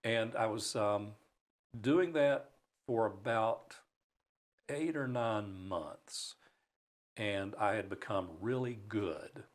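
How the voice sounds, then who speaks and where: Guest spot: man from Alabama, lowish voice, animated self-mocking storyteller in a studio. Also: takes it slowly, long pauses. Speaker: broadcaster guest. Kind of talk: storytelling in a talk show interview. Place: radio studio.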